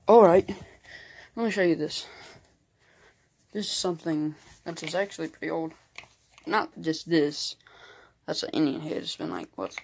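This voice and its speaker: Here a young man's slightly high voice carries a light Southern US accent as he rambles, "like"-heavy, through a handheld home vlog. He speaks at a measured pace with long pauses, and the recording is noisy.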